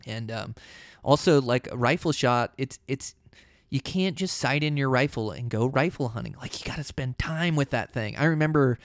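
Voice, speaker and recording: A man telling a hunting story in a casual, rambling way, often saying "you know" and "like", and getting animated when the action picks up. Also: medium pitch, moderate pace, dry recording, studio quality.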